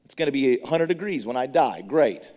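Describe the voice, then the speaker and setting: Middle-aged preacher telling a story in a hall. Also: male voice, mid-range voice, brisk. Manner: animated storyteller, stammers and repeats words. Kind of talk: sermon testimony. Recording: long reverb of a large hall.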